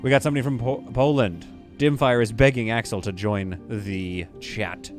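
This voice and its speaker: This Vancouver streamer has a lowish, steady voice and a moderate pace as he plays a space-building game on a livestream, commenting on his gameplay and chatting with viewers. Faint music sits behind him.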